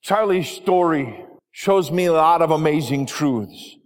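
A man, a pastor, telling a story in a sermon with earnest delivery and dramatic pauses. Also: a little high, animated. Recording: long hall reverb.

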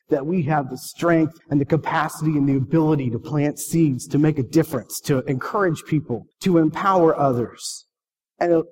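A man's voice: fairly high pitch, a little mellow. A man preaching a sermon, telling a personal story and asking the congregation earnest questions. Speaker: pastor. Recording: long reverb of a hall.

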